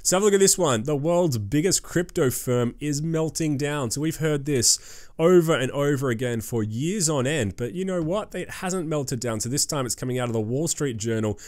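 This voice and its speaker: A man hosting a fast, emphatic crypto news commentary, with many fillers and asides to viewers. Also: on the high side, lively intonation, darkish tone, no echo, clean studio sound. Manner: emphatic, hype-driven, lots of fillers and "guys".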